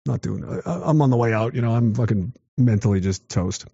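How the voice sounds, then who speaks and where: A man's voice: mid-range voice, expressive, brisk, creaky, mellow, husky, no echo. A man in his thirties telling a war story in a casual, profane, rambling way, mocking himself and reading comments from chat. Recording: dull lo-fi dry sound.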